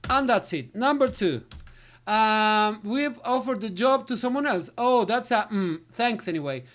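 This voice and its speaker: A woman's voice: fairly high pitch, expressive, unhurried. Woman English teacher, casual lesson voice, trails off into filler syllables. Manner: filler syllables, switches to Spanish. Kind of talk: recorded lesson walkthrough.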